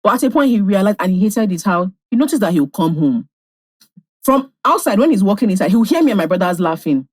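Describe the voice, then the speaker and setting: A woman's voice: mid-range voice, sing-song, fast, a little mellow, dry recording, studio quality. A woman with a Nigerian accent, a podcast co-host telling a family story conversationally. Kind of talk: casual podcast chat.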